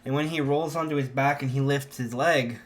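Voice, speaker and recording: A man's voice: mid-range voice, fairly even intonation, normal speed. A man improvising a fan-fiction story aloud, rambling with many fillers and restarts.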